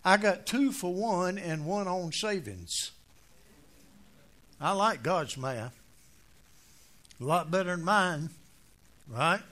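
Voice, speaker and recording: High-voiced older preacher, folksy and joking. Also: male voice, animated, takes it slowly, long pauses. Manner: storytelling with jokes, swings from low asides to loud emphatic points. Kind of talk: folksy humorous sermon.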